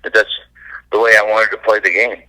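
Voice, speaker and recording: A man, a former baseball pitcher, telling stories as a guest in a casual interview, laid-back and laughing as he goes. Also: little pitch movement, brisk, pushed and bright, dry recording, rough recording.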